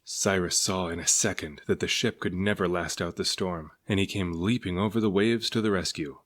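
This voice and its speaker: A man with a fairly low voice reads a children's book aloud. He tells the story expressively, as a parent reading to a child. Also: steady tone, moderate pace, fairly bright tone.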